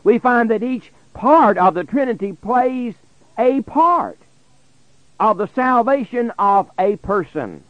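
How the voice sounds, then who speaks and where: A man preaches in a slow, deliberate cadence with a high voice that swoops widely between lifts and deep drops at the ends of phrases. The sound is dry and close, with the dull, muffled tone of an old radio broadcast. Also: expressive, dry recording. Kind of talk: radio Bible sermon.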